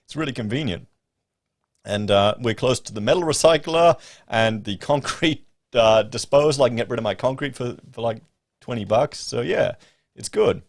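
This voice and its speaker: A man's voice: mid-range voice, normal speed, vocal fry, dry recording. An Australian man hosting a casual livestream, chatting and rambling to his viewers. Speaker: livestream host. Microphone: podcast studio mic. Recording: dry close-miked sound.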